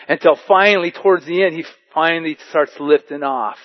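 Man preaching a sermon, slightly high voice. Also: normal speed, hardly any pauses, highs cut off. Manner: animated storytelling with scripture readings. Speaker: pastor.

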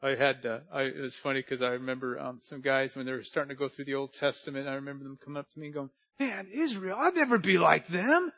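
A man preaching a sermon earnestly, moving between hushed and emphatic delivery, on a dull lo-fi recording. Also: medium pitch, monotone, very fast, hardly any pauses, no room sound.

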